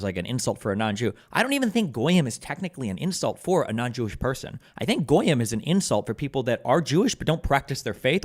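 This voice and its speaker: A man giving heated, profane live-stream commentary straight into a desk microphone. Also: medium pitch.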